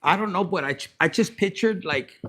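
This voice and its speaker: A man's voice: sits high, brisk, fairly bright tone. Crude, joking man reading tarot. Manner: crude, joking, mixes in Spanish slang. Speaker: tarot reader.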